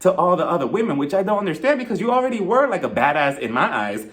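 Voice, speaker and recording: A lively man recapping a reality show in a gossipy vlog. His voice is a bit high and bounces all over the place, and he laughs easily as he talks. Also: fast. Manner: animated and gossipy, laughs often, slips into voices.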